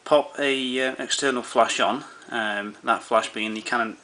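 A man's voice: medium pitch, steady tone, measured pace, bright, forceful tone. A man walking through camera menu settings in an easygoing way, with many fillers and restarts. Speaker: camera tutorial presenter. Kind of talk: explaining camera settings step by step.

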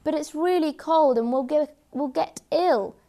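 A worried young cat whines and pleads in a raised, squeaky tone, voiced by a woman reading a storybook. It sounds anxious and small. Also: lively intonation, takes it slowly, gravelly, heavily acted. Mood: complaining.

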